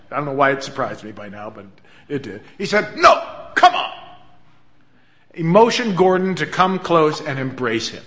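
Bright-voiced male preacher. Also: high voice. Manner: earnest storytelling preacher. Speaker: pastor. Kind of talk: sermon.

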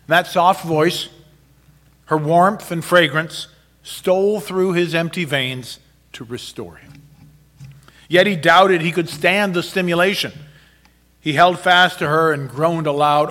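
A man narrating a story in a measured, dramatic reading style. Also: a little high, fairly bright tone.

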